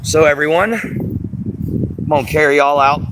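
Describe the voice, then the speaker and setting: A man's voice: a little high, measured pace, very noisy. A man hosting a casual home live stream, drawling and easygoing as he answers chat by name. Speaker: livestream host. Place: at home, moving to back porch.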